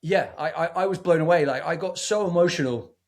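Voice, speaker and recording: A man chats eagerly as co-host of a movie review show, his voice sitting a little on the higher side. He gets carried away, repeating words and restarting sentences. It's loose, casual podcast talk. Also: fairly quick. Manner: excitable, effusive, stumbles and restarts.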